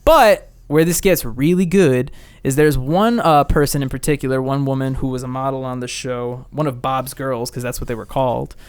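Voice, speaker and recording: A young man hosting a casual podcast chat, telling a story in an animated way and swearing freely. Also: medium pitch, moderate pace, clean tone, no echo. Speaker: podcast host.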